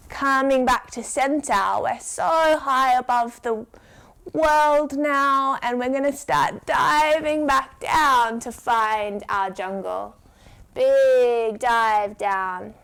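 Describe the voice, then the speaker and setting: Kids yoga teacher, woman: high voice, unhurried, playful and encouraging. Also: fairly bright tone, clean tone. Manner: playful, encouraging, asks children questions; slow, drawn-out instructions. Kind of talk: guided children's yoga story.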